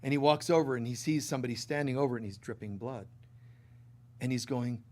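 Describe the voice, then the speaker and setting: A middle-aged man preaching a spiritual sermon, telling a story with playful asides, often dropping soft and then rising loud. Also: mid-range voice, fast. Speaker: spiritual teacher.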